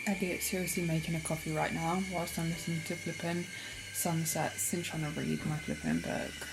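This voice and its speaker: Gravelly low-voiced woman, chatty. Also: expressive, moderate pace, heavy background noise. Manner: chatty, candid, swears casually. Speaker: book vlogger. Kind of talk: casual reading vlog chat.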